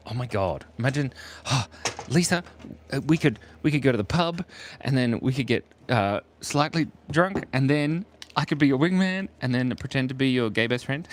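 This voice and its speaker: A man's voice: mid-range voice, slight background noise. An Australian man chatting playfully with viewers while drawing on a live stream.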